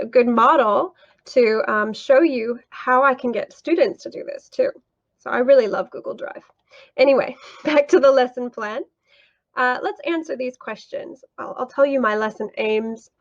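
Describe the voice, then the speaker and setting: Woman teacher, explanatory tutorial voice, slightly high, a little dull lo-fi sound. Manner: clear, explanatory teacher talk with fillers. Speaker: English teacher.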